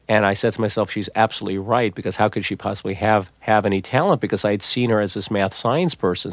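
A middle-aged man, a novelist and psychologist, telling stories in an interview with lively restarts and repeats. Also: mid-range voice, dry recording. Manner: animated storyteller, many restarts and repeats. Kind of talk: conversational interview.

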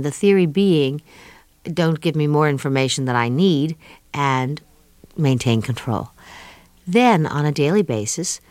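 Woman, very low voice, from New York, thoughtful, pauses with fillers, dry close sound. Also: dry recording. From New York, USA. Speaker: guest, author of an autobiography. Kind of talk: reflective interview talk.

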